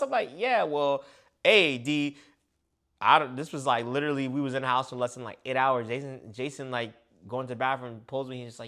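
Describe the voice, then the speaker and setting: A man's voice: mid-range voice, brisk, sharp tone. A young man casually reviewing a reality show episode for his video channel, chatty and full of slang. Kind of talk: casual reaction chat.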